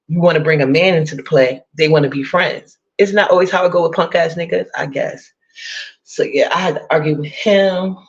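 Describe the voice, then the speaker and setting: A woman's voice: low-pitched, muffled recording. A woman chatting casually to her viewers, blunt, profane and gossipy with laughing asides. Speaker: vlogger.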